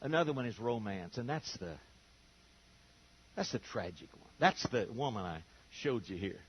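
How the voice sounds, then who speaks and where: Lively older folksy preacher man. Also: mid-range voice, normal speed, breathy edge, dull audio. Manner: folksy storytelling, acts out quoted voices. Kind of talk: sermon.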